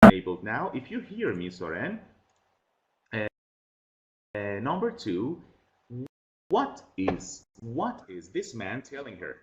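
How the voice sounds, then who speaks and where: Guy teaching english online, says things twice slow, kinda muffled lo-fi mic. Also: on the low side, huge pitch swings, noisy background. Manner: patient, repeats questions and instructions slowly. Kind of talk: online class instruction. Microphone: computer mic on a video call. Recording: dull lo-fi video call audio.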